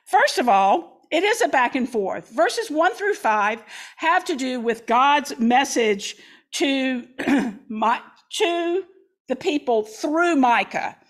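A woman's voice: sits high, expressive, takes it slowly. A woman pastor preaching a sermon, reading scripture dramatically with folksy asides.

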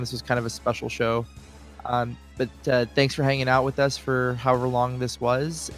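A man hosting a casual podcast, relaxed and a bit hesitant, wrapping up the episode. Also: medium pitch. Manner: relaxed, hesitant with fillers, signs off the show. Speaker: podcast host. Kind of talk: casual chat.

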